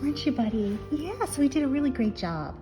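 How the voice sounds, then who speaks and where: A woman caring for a rescue puppy, cooing and whispering soft baby talk to it between casual explanations for a pet vlog. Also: high voice, big pitch swings, fairly quick, over music. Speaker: dog rescue caretaker.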